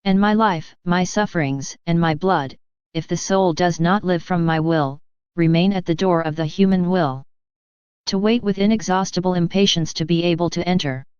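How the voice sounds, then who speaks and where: A woman's voice: on the low side, normal speed, a little mellow, clean tone, no echo, lightly acted. A woman reading the words of a sorrowful divine man who pleads for love, in a solemn, earnest way. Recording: dull, slightly lo-fi dry recording.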